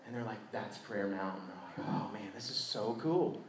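A man preaching a sermon as a story, animated, going from loud outbursts to hushed tones. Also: fairly low pitch, normal speed. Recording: echoey room.

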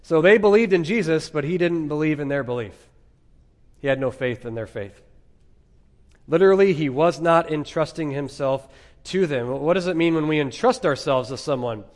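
A man preaching an expository sermon as pastor, emphatic, with dramatic pauses and rhetorical questions. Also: a little high, lively intonation, a little mellow.

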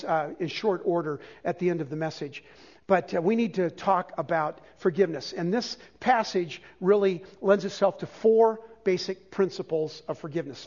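A high-pitched older man delivers a sermon from the pulpit, moving between quiet teaching and lively, joking asides. The recording is dull and lo-fi. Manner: animated, conversational preaching with self-deprecating humor. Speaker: pastor.

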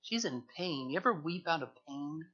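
A man preaching an expository sermon, earnest and repetitive, moving from hushed tones to fervent emphasis. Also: a little high, lively intonation, normal speed, lo-fi sound. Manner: earnest, repeats words, swings from hushed to fervent. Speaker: pastor.

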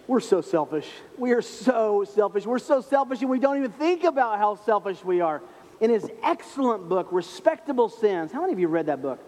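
A man preaching a sermon as pastor, telling a story in a humorous, self-mocking way and slowing down softly on key points. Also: high-pitched, big pitch swings, long reverb tail. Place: church sanctuary.

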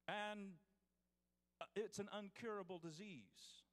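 A man's voice: sits high, slow pace, a bit bright, long reverb tail. A man preaching a sermon as pastor, reading scripture aloud with restarts and calling out to his congregation.

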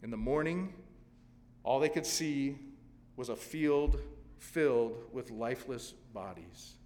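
A man's voice: medium pitch, slow, darkish tone, in a large hall. A male pastor preaching a sermon, telling a scripture story dramatically with sudden swells of emphasis.

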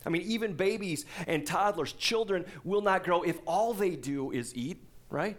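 A man in his forties preaches to his congregation in an easy, conversational way. His voice sits a little high for a man, and he drops into asides and questions to the crowd as he goes. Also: normal speed. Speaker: pastor. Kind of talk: sermon.

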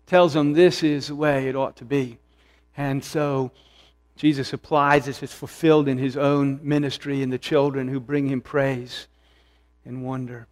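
A man's voice: on the high side, normal speed, darkish tone, long reverb tail. A male pastor preaching an expository sermon, earnest and searching, with restarts and rising emphasis.

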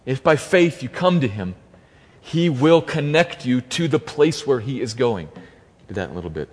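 A man's voice: medium pitch, expressive, moderate pace, darkish tone, husky. A man preaching an expository sermon as pastor, emphatic and repeating key phrases for stress. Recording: long reverb of a large hall.

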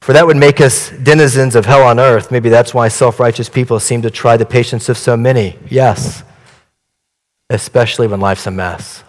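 A male pastor voicing a gentle, grave elderly apostle in a poem reading, dropping his voice low and soft. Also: fairly even intonation, moderate pace, in a large hall, lightly acted. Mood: solemn.

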